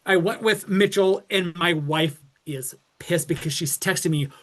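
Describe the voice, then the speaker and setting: A man's voice: high voice, measured pace. A man co-hosting a casual talk show, telling stories and breaking into quoted voices. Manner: animated, swings into quoted voices. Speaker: podcast co-host. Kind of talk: casual storytelling chat.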